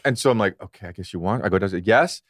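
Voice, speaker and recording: A man's voice: low-pitched, fast talker. A man co-hosting a podcast, telling a story in casual chat and acting out what people said. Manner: animated, acts out quotes in other voices. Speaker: podcast co-host.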